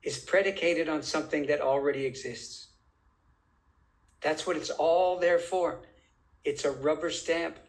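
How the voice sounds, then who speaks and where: A man with a somewhat high voice for his sex, talking as a guest in a conversational interview. He is insistent and emphatic, and he leans on rhetorical questions. He slows down to stretch out key phrases. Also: steady tone, low-quality recording. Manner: deliberate, drawn-out phrasing.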